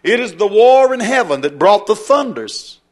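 A male preacher delivering a sermon, slow and emphatic, drawing out repeated phrases. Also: sits high, sing-song.

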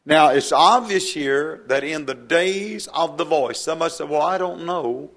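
A man preaching a sermon, slow and drawn out, repeating key phrases for emphasis. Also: a little high, a bit bright.

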